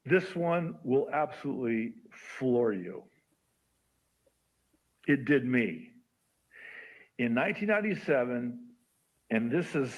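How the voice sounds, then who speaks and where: A man joining a livestream, reading out a list of predictions with dramatic, teasing buildup. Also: mid-range voice. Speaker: guest on a livestream. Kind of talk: reading a list aloud with commentary.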